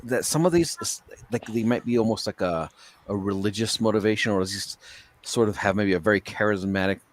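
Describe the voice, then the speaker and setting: A man in a casual group chat who speaks haltingly and hesitantly. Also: on the low side.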